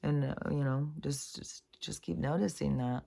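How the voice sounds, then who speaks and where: A woman's voice: deep voice, fairly even intonation, normal speed, creaky, mellow. A middle-aged woman talking through a meandering spiritual monologue, earnest and casual, with swearing and many fillers. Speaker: spiritual vlogger.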